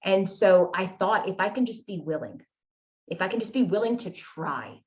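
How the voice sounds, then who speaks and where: A woman's voice: medium pitch, lively intonation, moderate pace, darkish tone. A woman guest telling her personal story in an earnest, candid way, often checking in with "right?" and "you know?". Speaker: podcast guest.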